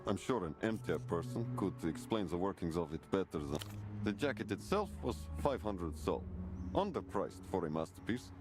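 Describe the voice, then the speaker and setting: A suave, flowery fashion dealer for a video game. The voice sits low and moves through a lively melodic range. Polished, courteous phrasing carries over steady game music. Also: male voice, moderate pace. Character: smooth-talking male fashion dealer, genteel and evasive. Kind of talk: video game character dialogue.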